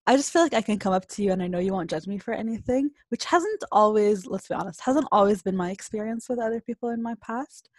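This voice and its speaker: A young woman talks openly in a relaxed podcast chat. She laughs often as she speaks. Her voice is recorded close and dry. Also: medium pitch, fast, hardly any pauses, dry recording. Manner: laughs often, emotional and open. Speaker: podcast co-host. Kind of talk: casual chat.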